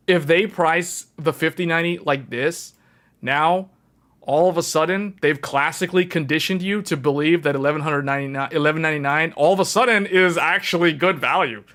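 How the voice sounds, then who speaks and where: A man with a fairly high voice hosts a casual livestream about PC hardware. He talks to his viewers directly in an animated, emphatic way, hammering his points home with repetition. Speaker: tech livestream host.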